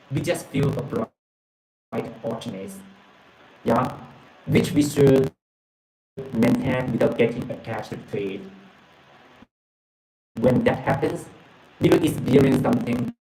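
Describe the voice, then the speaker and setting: A man retelling a story from a book and reading a message aloud, halting and repeating words, often filling with okay and yeah. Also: medium pitch, creaky, a little mellow, reverberant, low-quality recording. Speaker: presenter retelling a book's story.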